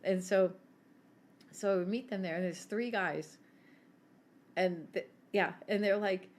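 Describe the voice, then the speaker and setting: A woman's voice: lowish voice, unhurried, pauses often. A woman in her forties telling stories in casual chat as a podcast co-host, brash, laughing and swearing freely.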